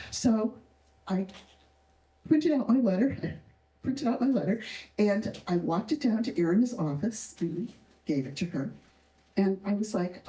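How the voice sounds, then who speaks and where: A woman's voice: medium pitch, a little slow. A woman in her sixties, a retired nurse, telling a personal story on stage and acting out the voices of the people in it. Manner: warm, expressive, acts out the voices of others. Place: stage at a community arts event. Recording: echoey hall from a distant mic.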